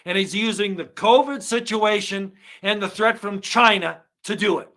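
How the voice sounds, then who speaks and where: A man giving an angry monologue to his viewers, swinging from loud outbursts to low muttering. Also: moderate pace. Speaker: online commentator.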